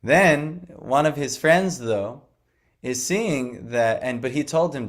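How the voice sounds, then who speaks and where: A man's voice: mid-range voice, expressive, takes it slowly. Chatty young man telling a scripture story. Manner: conversational, many fillers and restarts. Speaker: scripture class speaker. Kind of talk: devotional class storytelling.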